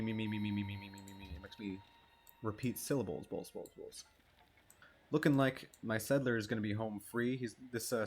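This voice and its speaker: Chill guy talking thru his strategy game, kinda low voice, rambly, jokes and swears a lot. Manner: laid-back, rambling and joking, with frequent swearing. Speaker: gamer. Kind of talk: casual gameplay commentary.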